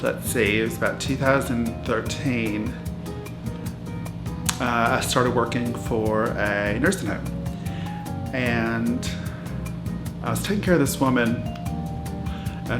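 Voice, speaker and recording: Unhurried and pausing often, a man in a lightly acted, medium-pitched voice plays a brash 66-year-old woman who lives in a hotel. Her life story wanders in a rambling mockumentary interview full of fillers and restarts, recorded in an echoey room with loud music beneath.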